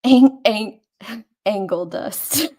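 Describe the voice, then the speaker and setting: A woman's voice: fairly high pitch, drawn-out words, mellow. A woman hosting a casual commentary chat, talking loosely and laughing often. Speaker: host.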